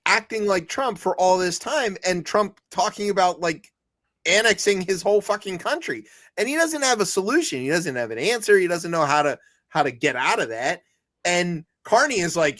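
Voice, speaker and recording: Rambling jokey man, higher voice. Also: a bit bright. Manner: rambling, jokey, many restarts and put-on quotes. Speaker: podcast co-host. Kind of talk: comedic news chat.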